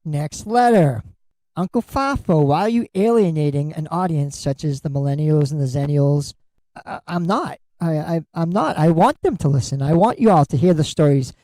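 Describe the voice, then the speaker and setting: A man's voice: a little high, lively intonation, moderate pace, dark tone, dry recording, rough recording. A middle-aged man hosting a solo podcast, talking bluntly and candidly and swearing freely. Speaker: podcast host.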